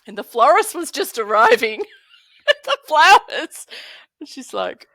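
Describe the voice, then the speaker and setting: A middle-aged woman telling a story with a lively, swooping pitch that climbs into laughter. She acts out the people in it as she talks. The sound is dry and close, with no room around her. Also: unhurried, dry recording. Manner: laughs often while telling a story, acts out quoted voices. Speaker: podcast guest. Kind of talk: animated storytelling.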